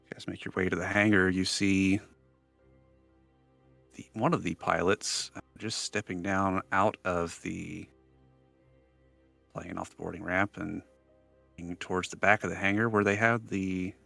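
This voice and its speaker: Male game master, low and gravelly, halting scene narration, dry sound. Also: flat delivery, fairly bright tone, no room sound, faint music behind. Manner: describes scenes with many fillers and restarts.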